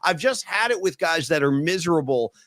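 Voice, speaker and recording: A man's voice: on the high side, expressive, brisk, fairly bright tone, dry recording, clean studio sound. A man co-hosting a casual sports podcast, ranting emphatically about players and contracts. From San Francisco Bay Area. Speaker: podcast co-host.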